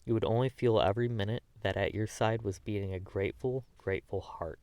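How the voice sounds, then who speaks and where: Low-voiced man reading a classic novel. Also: fairly quick, darkish tone, no room sound. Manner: earnest, emotive, with small stumbles and restarts. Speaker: audiobook narrator.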